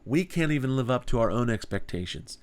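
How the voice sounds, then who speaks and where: A man's voice: mid-range voice, lively intonation, fairly quick. A man with a mid-range voice teaches a small group Bible study. His delivery is earnest and conversational, and he leans on rhetorical questions.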